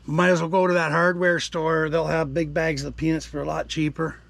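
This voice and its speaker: In a relaxed outdoor vlog, a man in his sixties talks to the animals near his campsite and rambles on to his viewers. His gravelly, husky voice sits on the high side and is a bit bright, with a flat delivery and a slightly fast pace.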